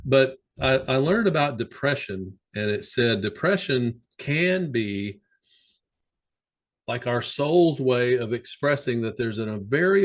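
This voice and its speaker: A man who works as a sports psychologist, speaking as a podcast guest and telling animated stories with plenty of fillers. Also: medium pitch. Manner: animated, anecdotal, many fillers. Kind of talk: conversational storytelling.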